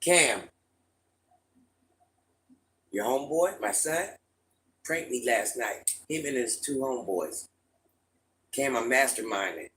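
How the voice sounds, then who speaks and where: A middle-aged man hosting a casual livestream, telling stories and answering his chat in a lively, repetitive way. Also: medium pitch, unhurried, a little hiss or hum, low-quality recording. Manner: repetitive, animated storytelling, often restarts phrases. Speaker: livestream host talking to chat viewers.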